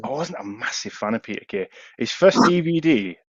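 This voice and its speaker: A man's voice: medium pitch, lively intonation, a little fast, dry recording. Yorkshire man telling stories, dull dry sound. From Yorkshire, England. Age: young adult. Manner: swearing, rambling storyteller, acts out quoted voices. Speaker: podcast co-host. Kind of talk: casual chat.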